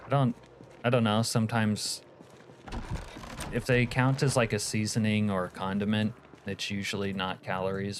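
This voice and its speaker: Gaming on a livestream, a young man from the United States talks at a moderate pace in a fairly low, flat voice. He rambles casually while answering his chat, and a bit of background noise can be heard.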